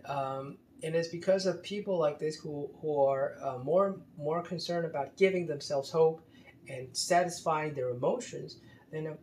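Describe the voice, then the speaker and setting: A man with a fairly high, slightly mellow voice critiques a religious article in unscripted commentary. He is emphatic and exasperated, often stumbling into repeated restarts. The recording has a roomy echo and faint background noise.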